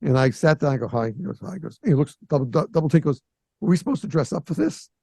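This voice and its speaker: Animated older male storyteller, mellow tone. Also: a little high, fast talker, creaky, breathy edge, no room sound. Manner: animated storyteller who acts out quoted voices. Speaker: podcast host. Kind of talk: casual storytelling.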